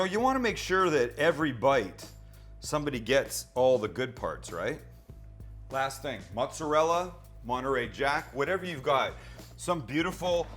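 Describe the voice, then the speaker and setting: A middle-aged man demonstrates cooking casually in his low-ceilinged home kitchen, chatty and teasing, answering his own questions. His pitch is fairly high and a bit bright. A handheld mic is sometimes held close.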